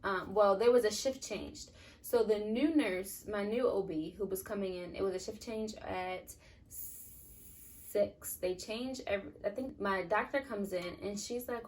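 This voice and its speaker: A woman's voice: medium pitch, unhurried, darkish tone. A young woman telling a personal story in a casual, rambling way, full of fillers. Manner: chatty, rambling with many "like" and "um" fillers. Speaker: vlogger. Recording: voice a bit distant from the mic.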